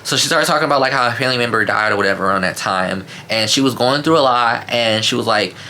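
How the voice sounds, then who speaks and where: A man telling a casual storytime vlog, animated and slangy, with lots of fillers and asides to his viewers. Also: mid-range voice, fast, a little hiss or hum.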